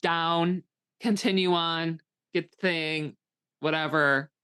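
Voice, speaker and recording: A woman co-hosting a podcast, recapping a film in a blunt, animated, casual way with some swearing. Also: sits low, slow pace, clear, resonant tone, dry recording. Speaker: podcast co-host. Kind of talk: casual chat.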